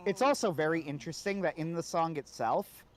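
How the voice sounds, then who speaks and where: A man's voice: a little high, brisk. A man co-hosting a casual podcast discussion, talking conversationally and often checking in with "right?". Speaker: co-host.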